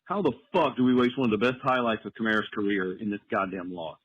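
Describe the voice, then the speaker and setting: Male caller, quick crude venting, dull lo-fi line. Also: fairly low pitch, fairly bright tone, slightly rough, no echo. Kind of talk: ranting voicemail.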